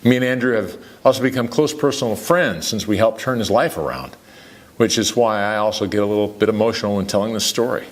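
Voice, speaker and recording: Upbeat salesy man pitching. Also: lively intonation, fast talker. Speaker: company founder presenter.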